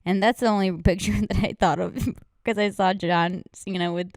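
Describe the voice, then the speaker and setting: A young woman co-hosting a podcast in a casual chat, animated and laughing often, with lots of "like" in her speech. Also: mid-range voice, moderate pace, no room sound, clean studio sound. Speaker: podcast co-host.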